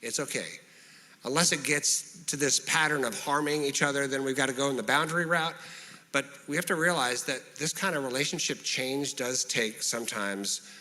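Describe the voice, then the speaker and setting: Bright-voiced pastor preaching calmly in a hall. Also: male voice, medium pitch, normal speed. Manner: calm, conversational preaching with acted-out example quotes. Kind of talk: sermon. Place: church sanctuary.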